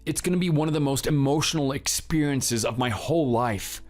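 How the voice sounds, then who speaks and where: A man's voice: mid-range voice, brisk, soft background music, natural voice. A man voicing a husband named Theo in a scripted drama, curt and defensive with his wife. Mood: withdrawn. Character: grieving, cold husband Theo.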